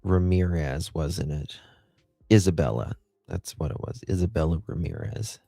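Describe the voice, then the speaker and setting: A man's voice: low-pitched, moderate pace, vocal fry, mellow, no room sound, clean studio sound, soft background music. A man hosting a casual livestream. He rambles in a chatty way and talks back to viewers' comments. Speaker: livestream host.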